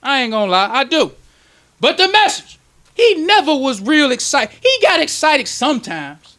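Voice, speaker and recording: Very animated and speaking at normal speed, a male minister delivers a preaching lecture to his congregation in a temple lecture hall. His very high, piercing voice carries strong emotion, climbs into sudden shouts, and stays sharp and forceful the whole way.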